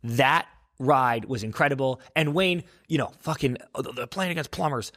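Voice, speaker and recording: A man's voice: medium pitch, moderate pace, fairly bright tone. Emphatic man in casual chat. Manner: enthusiastic, emphatic, casual swearing. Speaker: podcast co-host.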